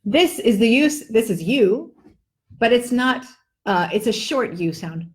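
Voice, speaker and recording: A woman based in the Netherlands teaches English pronunciation in a live online lesson from home, her voice a little high and expressive as she takes things slowly. Between drills she jokes and exaggerates sounds to show the difference.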